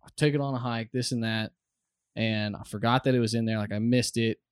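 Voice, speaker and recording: Speaking fairly quickly into a close studio mic, this young American podcast guest tells a meandering, profanity-laced story packed with fillers. His voice is mid-range, steady and clean, with no echo at all.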